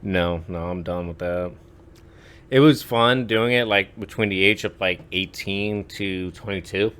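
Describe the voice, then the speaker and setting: A man's voice: low-pitched, steady tone, a little slow, fairly bright tone, clean tone. A man in his twenties telling stories on a podcast in a casual, rambling way, full of "like" and "uh". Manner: rambling, lots of "like" and "uh" fillers. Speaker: podcast storyteller. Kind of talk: casual chat.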